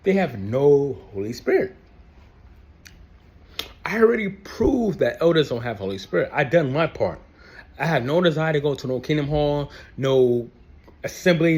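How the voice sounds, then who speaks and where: A man's voice: fairly high pitch, expressive, normal speed, darkish tone. A young man ranting to camera about his family, angry and profane, repeating himself for emphasis. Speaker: ex-Jehovah's Witness vlogger. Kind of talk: heated personal rant to camera.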